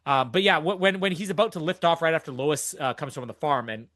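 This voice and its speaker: A man's voice: on the high side, fairly quick, fairly bright tone, no echo, studio quality. A young man hosting a podcast, chatting casually and enthusiastically through a movie recap, rambling and laughing often. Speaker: podcast host.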